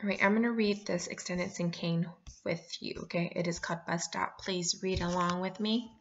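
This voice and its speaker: A woman teacher giving a remote lesson, explaining clearly and slowing down to spell out each point. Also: fairly low pitch, steady tone, dull audio. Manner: clear and instructive, reads poems aloud, slows down to explain.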